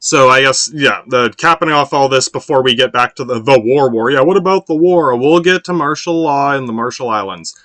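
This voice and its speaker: A man talks in a loose, rambling monologue, cursing freely and tripping over his own restarts. His voice sits at an ordinary middle pitch. The sound is close and dry, with no room echo. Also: brisk, hardly any pauses, sharp tone. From United States. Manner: rambling, profane, sprinkled with "yeah" and restarts. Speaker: podcast host.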